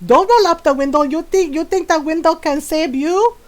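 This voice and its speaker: A woman voicing her furious middle-aged mother, shouting and scolding a driver. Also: extremely high pitch, moderate pace, voice pushed up.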